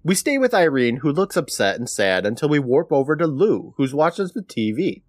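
A man's voice: a little high, no echo. A male podcast co-host walks through an episode scene by scene in an easy, casual tone. His voice swings up and down with animation. The sound is close and dry. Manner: animated retelling, quick laughs.

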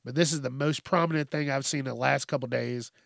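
A man's voice: mid-range voice, fairly even intonation, quick pace, creaky, dry recording, studio quality. A man hosting his own podcast, ranting in a blunt, profane, rambling way. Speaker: podcast host. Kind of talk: casual monologue.

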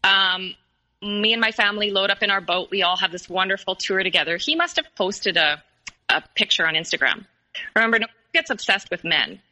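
Woman guest telling her story, halting and earnest, very bright sharp voice. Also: mid-range voice, expressive, low-quality recording. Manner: earnest and halting, many pauses and restarts. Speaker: podcast guest. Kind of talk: personal storytelling interview.

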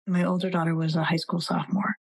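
A woman's voice: fairly low pitch, level tone, quick pace, creaky, breathy edge, rough recording. A woman in her forties, a psychologist and author, talking as a guest in a podcast interview and animatedly telling stories, acting out the voices of the people she quotes.

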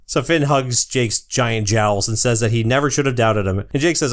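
A woman co-hosting a podcast, recapping a cartoon episode in casual chat, giggly and animated as she tells the story. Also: a bass voice, normal speed.

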